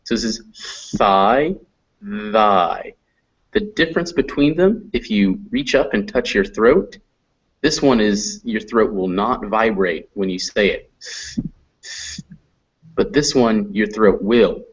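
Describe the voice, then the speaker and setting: An American man teaching phonetics in a classroom lecture, slowly drawing out example sounds. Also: lowish voice, breathy edge. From United States. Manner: slow, drawn-out demonstration of sounds. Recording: dull lo-fi classroom recording.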